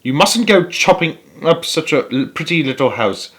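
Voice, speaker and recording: A shy, clever old gentleman speaks politely and softly, as a male reader puts him on. His tone is slightly raised and gentle, a children's storybook character. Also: a little high, sing-song, moderate pace, voice pushed up. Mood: reassuring. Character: shy, gentle older man, clever and lovestruck.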